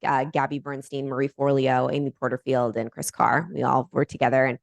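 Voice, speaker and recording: Low-voiced woman telling a story, dry sound. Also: brisk, creaky, no room sound. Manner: animated, lively storytelling. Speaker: podcast guest, author. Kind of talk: storytelling in conversation.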